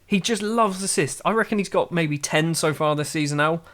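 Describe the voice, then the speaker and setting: A man giving chatty, self-mocking game commentary that gets excitable. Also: a little high, moderate pace. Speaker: gaming YouTuber.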